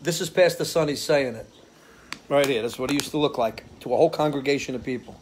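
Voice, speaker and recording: Talking fast in a high-leaning, darkish voice, a man hosts a casual porch live stream under a ceiling fan. His stories ramble, and he keeps losing his train of thought.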